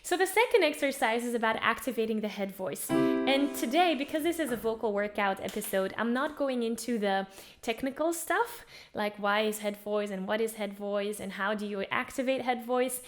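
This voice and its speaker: A woman vocal coach guiding singers through warm-up exercises, encouraging them and demonstrating by singing along. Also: fairly high pitch, animated, moderate pace. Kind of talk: guided vocal warm-up lesson. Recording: faint piano music under voice. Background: piano accompaniment.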